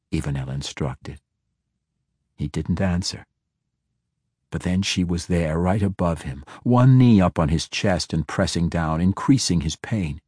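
A man reads a fantasy novel aloud in a steady, measured way. His voice sits very low with a husky grain, and he takes his time. The recording is dry and close, with no room sound. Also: no echo. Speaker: audiobook narrator. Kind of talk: scripted fantasy narration.

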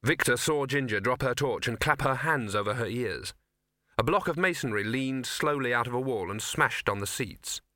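A man reading a fantasy novel as audiobook narrator, with measured storytelling. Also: mid-range voice, lively intonation, bright, forceful tone, dry recording, clean studio sound. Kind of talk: scripted narration.

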